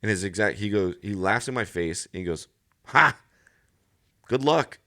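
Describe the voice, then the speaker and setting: A man's voice: low-pitched, quick pace, fairly bright tone. A man in his thirties, a Marine guest on a podcast, telling rambling service anecdotes with frequent restarts and laughing at his own stories. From United States. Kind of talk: casual storytelling interview.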